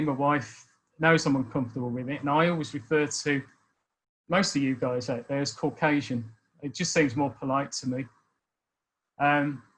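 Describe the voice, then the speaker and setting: A man in his sixties from Birmingham with a Birmingham accent, talking about his life in a thoughtful, hesitant way with many pauses and restarts. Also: on the high side, fairly bright tone, low-quality recording. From Birmingham, England. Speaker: speaker sharing life experience. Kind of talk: reflective personal talk.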